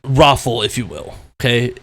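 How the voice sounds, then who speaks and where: A man ranting as a gaming commentator, with a gritty voice and a loud, blunt, profane way of talking. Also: medium pitch, very animated, moderate pace.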